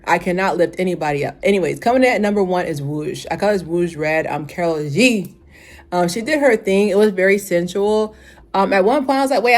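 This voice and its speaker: A young female vlogger gives a casual, chatty review of a fashion show. She's animated, fills her talk with filler words, and breaks into sudden high exclamations.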